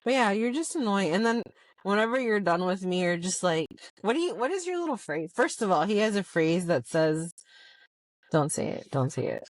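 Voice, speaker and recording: A woman's voice: medium pitch, animated, a little fast, dry recording. A woman in casual, teasing banter with her husband, laughing often, talking in a car. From Latina. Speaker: host's wife, co-host. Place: car while driving.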